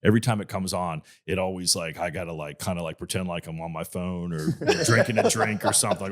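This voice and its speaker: Low-voiced man telling rambling stories. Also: fast, few pauses. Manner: rambling, crude, animated storytelling. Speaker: podcast co-host. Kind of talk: casual comedy podcast chat.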